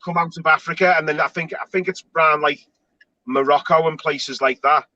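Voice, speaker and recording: A man chats loosely as host of an online panel, restarting his sentences as he goes. His voice sits high and sounds bright and forceful. The audio is dry and a little dull. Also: fairly even intonation, fairly quick, no echo. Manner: chatty, rambling, with frequent restarts and laughs. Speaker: show host. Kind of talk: casual panel chat.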